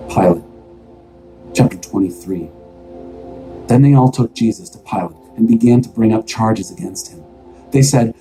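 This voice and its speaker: A man reads scripture aloud as a steady, expressive story. His voice is low and dark with a warm, mellow tone. Soft music plays faintly underneath. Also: normal speed, poor audio. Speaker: scripture reader. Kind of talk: dramatized scripture reading.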